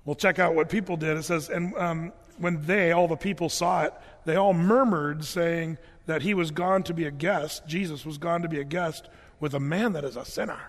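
A man with a high voice preaches a sermon, retelling Bible stories with animated, folksy asides. His voice rings out with a long hall reverb. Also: normal speed, hardly any pauses. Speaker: pastor.

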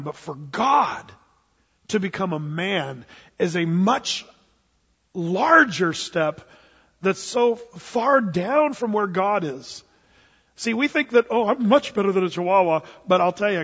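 A man with a high, husky voice preaches a sermon. He tells a story and acts out both sides of the conversation. The sound is dull and lo-fi, with a long hall echo. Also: fairly bright tone.

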